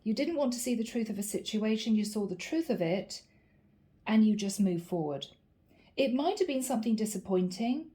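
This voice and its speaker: A woman's voice: a little high, warm tone. A woman giving a channeled tarot reading to her viewers, earnest and encouraging, often repeating her key phrases. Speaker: tarot reader.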